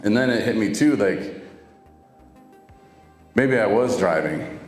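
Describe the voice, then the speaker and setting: In an echoey room with lingering reverb and faint music, a man recounts his recovery to camera. His voice is on the low side, animated and slow, and he chats casually while performing other people's lines.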